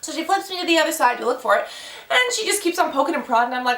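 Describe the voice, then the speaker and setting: A young woman vlogger telling a personal story in a casual, animated way, acting out the voices of the people in it. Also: sits high, fast talker, echoey room, far from the mic.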